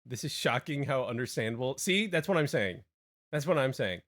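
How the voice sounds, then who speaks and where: A young man from Hawaii talks casually to his stream chat at a middle pitch. He rambles, stumbles over restarts and breaks into quick laughing asides. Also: animated, a bit bright. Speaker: game streamer.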